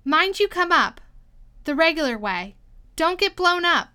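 A woman voicing a frantic, fussy White Queen chess piece from a storybook, crying out in high, breathless bursts. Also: sing-song, a little slow, pushed and bright, exaggerated voice.

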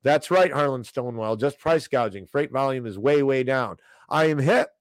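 A man hosting a casual livestream about finance, ranting and animated, talking straight to viewers in the chat. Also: medium pitch, normal speed, no echo. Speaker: host of a financial commentary show.

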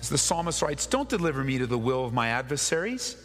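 A man's voice: medium pitch, very animated, fast talker, few pauses, fairly bright tone, in a large hall. A male pastor preaching a sermon, reading scripture and rising to emphatic, impassioned peaks.

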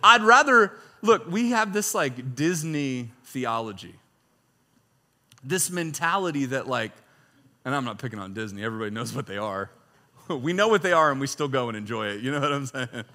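A man's voice: medium pitch, lively intonation, moderate pace, bright, forceful tone, long reverb tail. A man preaching a sermon, reading scripture aloud and breaking into jokes and chuckles. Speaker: pastor.

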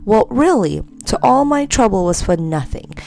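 A woman's voice: medium pitch, sing-song, moderate pace, creaky, darkish tone. A woman voicing a pompous, meddling grown man who is touchy and haughty in a storybook reading. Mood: huffy. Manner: indignant, haughty outbursts. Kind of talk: storybook character voice.

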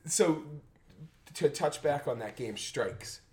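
A man's voice: on the high side, animated, slow pace. A man on a podcast telling a rambling story, casual and profane, acting out the people he quotes. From Massachusetts. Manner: acts out quotes loudly. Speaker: podcast host.

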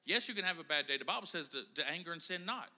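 A man's voice: fairly high pitch, expressive, racing, pushed and bright. A middle-aged man preaching a casual sermon in a church, chatting and joking with the congregation. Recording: church hall reverb.

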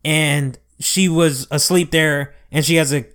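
Young man, somewhat high voice, rambling, many restarts, casual swearing. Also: fairly even intonation, a little slow, fairly bright tone, clean tone. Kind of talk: casual chat.

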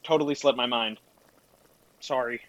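A man's voice: medium pitch, fairly even intonation, normal speed, lo-fi sound. A man acting a sheepish adult son who hesitates and mumbles. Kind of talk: scripted family drama acting.

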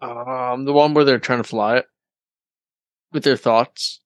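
A man's voice: mid-range voice, fairly even intonation, a little slow, no echo. Chill guy co-hosting a podcast, mid voice, dry mic, short replies. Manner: laid-back, short agreeing replies. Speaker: podcast co-host. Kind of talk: casual comedy podcast chat.

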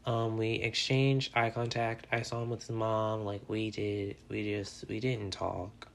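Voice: mid-range voice, flat delivery, measured pace, gravelly, slight background noise. Rambling young podcast host, "like"-heavy. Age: 20s. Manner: rambling, says "like" constantly, candid and joking. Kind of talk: casual solo podcast chat.

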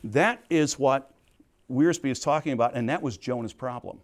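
A man's voice: mid-range voice, normal speed. A middle-aged man teaching a Bible study at a Christian camp, earnest and conversational, with plain storytelling asides.

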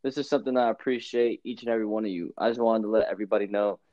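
New york dude rambling on a podcast, slangy, dry muffled sound. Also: male voice, on the low side, steady tone, very fast, mellow, dry recording. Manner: rambling, slangy, repeats himself, laughs often. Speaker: podcast co-host. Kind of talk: casual chat.

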